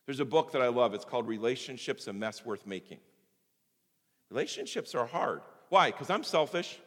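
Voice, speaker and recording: Reverberant hall, preaching man with a swinging voice. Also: medium pitch. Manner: swings from loud emphatic preaching to hushed intimate tones. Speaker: pastor. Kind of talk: sermon.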